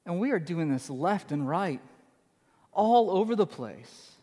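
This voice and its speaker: A man's voice: high-pitched, lively intonation, measured pace, warm tone, in a large hall. A man preaching a sermon as pastor, emphatic and conversational, repeating his key phrases for effect.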